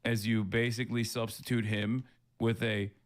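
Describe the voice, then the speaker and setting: A man's voice: on the low side, normal speed. A man streaming live, reacting to news clips with sarcastic, mocking commentary. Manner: sarcastic, animated, mocking asides.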